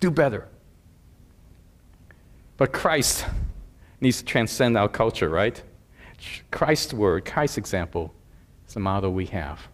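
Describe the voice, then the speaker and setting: A man's voice: lowish voice, sing-song, unhurried. Conversational male pastor preaching. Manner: conversational, with frequent asides. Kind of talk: sermon.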